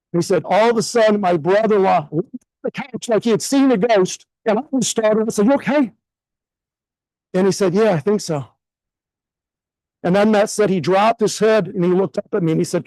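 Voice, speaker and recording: High, gravelly male stage storyteller. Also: a little fast, darkish tone, no echo, low-quality recording. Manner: storytelling, quoting others, drops voice low for emotional points. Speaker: event speaker. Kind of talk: motivational stage talk. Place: event hall.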